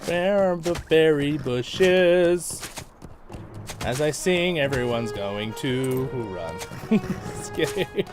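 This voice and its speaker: A man's voice: a little high, expressive, slow pace, music in the background. A man hosting a livestream, chatting casually and rambling as he plays, laughing often. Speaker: livestream host and guide. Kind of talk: casual gameplay commentary.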